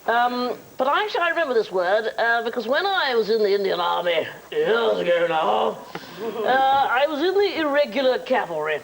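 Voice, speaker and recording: A woman on a TV panel game tells a tall tale with deadpan, mock-pompous wit. Her pitch swings widely. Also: normal speed, gravelly, low-quality recording.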